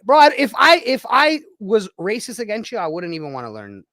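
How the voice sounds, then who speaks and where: Male co-host, high voice that leaps around, brash and profane. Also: brisk, no echo, studio quality. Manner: animated, profane, calls others bro. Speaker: podcast co-host. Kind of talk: casual podcast chat.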